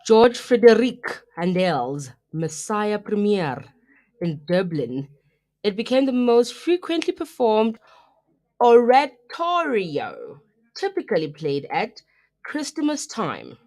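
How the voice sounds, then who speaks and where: A young South African woman co-hosting a live radio show, chatting and telling stories in a lively, casual way. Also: medium pitch, slow. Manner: chatty, animated storytelling, mixing in local phrases. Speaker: radio co-host.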